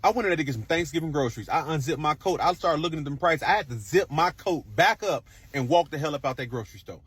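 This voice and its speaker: A man delivering an exasperated, animated comedic rant. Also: on the high side, quick pace, husky.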